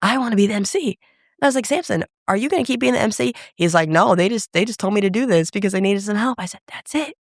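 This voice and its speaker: A woman telling her story as a podcast guest, with a slightly gravelly edge in her voice. She brings the quoted dialogue to life as she goes. The sound is dry and close. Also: mid-range voice, fast, no room sound. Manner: animated storyteller who acts out quoted dialogue. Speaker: emcee and keynote speaker, guest.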